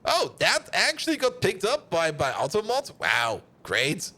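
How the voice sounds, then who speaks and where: A man streaming a video game and chatting casually with his viewers, animated, laughing often and swearing freely. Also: sits high, a little slow. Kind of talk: casual live-stream chat while playing.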